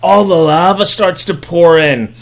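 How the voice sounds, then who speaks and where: A young male podcast host with a fairly high, slightly slow, creaky voice delivers a sarcastic, profane comedy recap of a film. He slips into mock voices for the characters as he goes.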